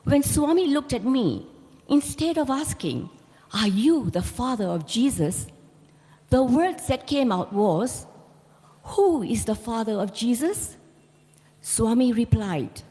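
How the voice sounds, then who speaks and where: A middle-aged woman with a mellow, medium-pitched voice gives a devotional talk, earnestly telling her personal story like a storyteller. The recording carries the long reverb of a large hall.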